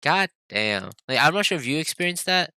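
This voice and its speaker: A young man co-hosting a podcast, telling a story in a casual, animated way, swearing and acting out quotes. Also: a little high, rapid-fire, no room sound. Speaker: podcast co-host. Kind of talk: casual chat.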